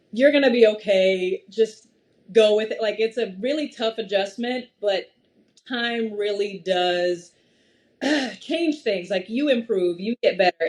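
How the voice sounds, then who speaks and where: A young adult woman chatting as a podcast guest, animated and laughing often as she talks. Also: medium pitch. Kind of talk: casual conversation.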